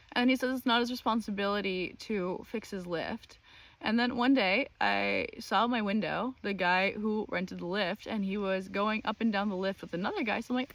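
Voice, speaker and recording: A woman's voice: medium pitch, moderate pace, vocal fry, dry recording. Woman vlogger telling an exasperated story. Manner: animated, exasperated retelling with many fillers. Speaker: channel host. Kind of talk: casual storytelling monologue.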